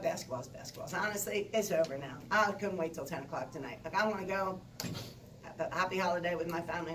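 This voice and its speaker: Older woman coach at a press conference, animated and talkative, lowish voice, heard from a distance in an echoey room. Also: a little hiss or hum. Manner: animated, talkative, rambling with restarts. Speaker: basketball coach. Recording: echoey room, distant mic, faint ambience.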